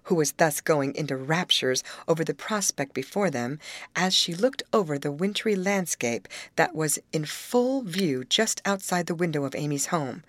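A woman reading a novel aloud in a measured storytelling manner. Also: sits low, dry recording. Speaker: audiobook narrator. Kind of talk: scripted narration of a novel.

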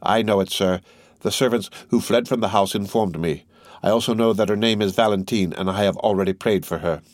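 A man voicing an elderly priest in a read-aloud story, speaking in a grave, measured, courteous way. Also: lowish voice, dry recording, studio quality, close to an everyday voice. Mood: solemn. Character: elderly Italian priest, calm and devout.

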